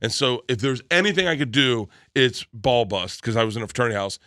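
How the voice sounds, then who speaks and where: A man's voice: medium pitch, animated, quick pace, pushed and bright, no echo, studio quality. A man in his forties from Florida, telling stories as a comedian guest in a casual interview, acting out quotes and laughing.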